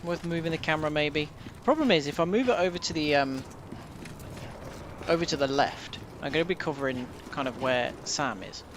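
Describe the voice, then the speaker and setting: A man's voice: a little high, moderate pace, noisy background. A man giving casual let's-play commentary as a gameplay streamer, making wry, joking asides.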